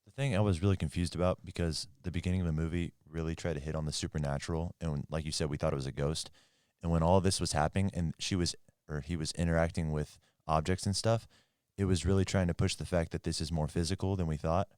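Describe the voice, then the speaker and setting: A man's voice: low voice, steady tone, fast, darkish tone, clear, resonant tone, no room sound, clean studio sound. A man on a movie podcast, chatting casually and musing aloud, often repeating himself. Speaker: podcast co-host. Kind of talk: casual chat.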